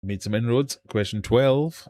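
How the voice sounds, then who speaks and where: A man's voice: mid-range voice, measured pace, warm tone. A man hosting a live online quiz from his home fish room, reading out questions and poking fun at himself. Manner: jokey, self-mocking quizmaster. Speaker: livestream quiz host.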